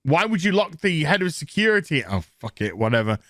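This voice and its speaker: A man's voice: on the high side, very animated, fairly bright tone, dry recording, clean studio sound. A man recapping a TV episode in a casual, sarcastic, profane rant, mocking the scenes. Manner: mocks scenes in quick put-on voices. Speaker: TV show reviewer.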